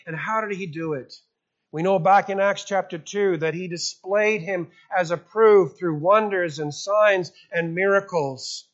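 A man's voice: sits high, highs cut off. A male pastor preaching a sermon in an emphatic style, asking rhetorical questions.

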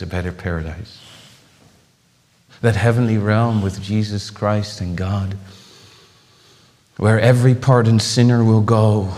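A man preaches a passionate sermon in a lowish voice, swinging between loud exclamations and hushed, drawn-out phrases and often repeating words as he builds. The recording carries long hall reverb.

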